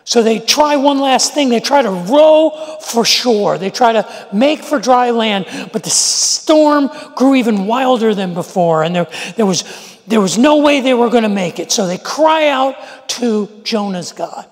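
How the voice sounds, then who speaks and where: A pastor preaching a sermon, telling the story dramatically. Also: male voice, extremely high pitch, lively intonation, unhurried. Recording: long church hall reverb.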